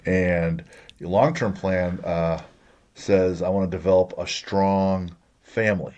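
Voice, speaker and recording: A man hosting a podcast, chiming in and asking his guests questions in a relaxed interview. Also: sits low, slow pace, lo-fi sound. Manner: relaxed, asks questions and chimes in. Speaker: podcast host. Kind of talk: casual interview.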